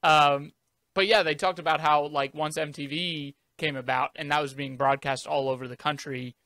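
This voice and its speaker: A man co-hosting a casual movie podcast, animated and laughing easily as he tells anecdotes. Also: a little high, moderate pace. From United States. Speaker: podcast co-host. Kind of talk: casual chat.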